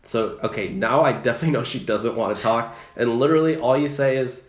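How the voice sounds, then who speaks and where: A man's voice: mid-range voice, a little fast, hardly any pauses, roomy sound. A young man giving casual advice about rideshare driving, chatty and loose with many fillers and restarts. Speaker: rideshare driver and channel host.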